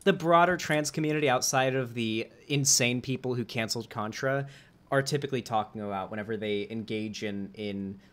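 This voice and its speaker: A man's voice: medium pitch, brisk, fairly bright tone. A man hosting a casual debate with a viewer, talking in a rambling way with many fillers and restarts. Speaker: host.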